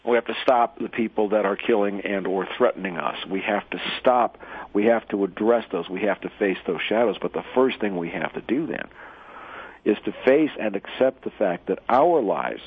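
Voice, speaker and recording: A man telling a parable and then speaking his mind, halting, often repeating words and using fillers. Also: fairly low pitch, animated, husky. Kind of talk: monologue commentary with a parable. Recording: tinny phone-like radio sound.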